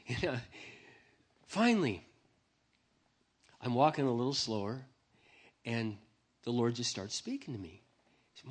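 A man's voice: medium pitch, sing-song, measured pace, pauses often, breathy edge. A man giving a humorous, self-deprecating personal testimony to an audience, speaking into a microphone. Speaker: Christian speaker.

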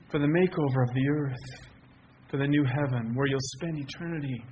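A male pastor preaching a sermon, telling stories in an animated way and shouting out acted quotes. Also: a little high, highs cut off, a little hiss or hum.

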